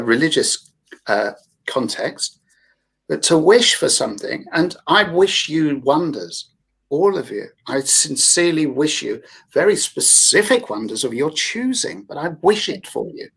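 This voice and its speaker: A man's voice: a little high, very animated, unhurried, creaky, a bit bright, slightly rough. A man with a London accent, a therapist talking through ideas in a casual group discussion, rambling and emphatic. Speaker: guest therapist.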